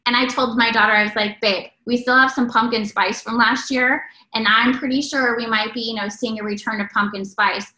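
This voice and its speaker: A woman giving an energetic, preachy motivational talk to a sales team. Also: on the high side, brisk, few pauses, reverberant, low-quality recording. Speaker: network marketing speaker.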